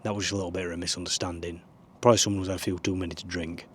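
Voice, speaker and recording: Deep-voiced and rapid-fire, with a flat delivery, a vlogger gives earnest life advice to the camera from his small camper van. He rambles, swears occasionally, and a little hiss or hum sits under the recording.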